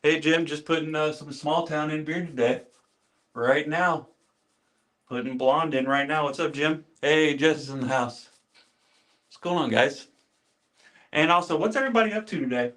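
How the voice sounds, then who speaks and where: His voice sits a little high and has a fairly bright tone, moving at normal speed with frequent pauses. As host of a casual livestream, he chats with viewers, greets them by name, repeats phrases, and shows his beard care routine.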